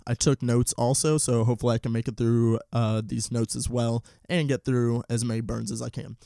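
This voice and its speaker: A man's voice: fairly quick, creaky, few pauses, dry recording, clean studio sound. A man hosting a solo movie podcast, talking casually with fillers, sometimes ranting in bursts. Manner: ranting, animated roast with rising pitch. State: out of breath. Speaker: podcast host.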